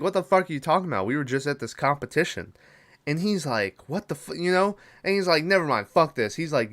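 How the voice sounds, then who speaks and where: A man's voice: medium pitch, a bit bright. A young man hosting a podcast, casually retelling a horror film's plot with lots of swearing, fillers and quoted lines. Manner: rambling, profane retelling with fillers. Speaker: podcast host. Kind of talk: casual movie recap.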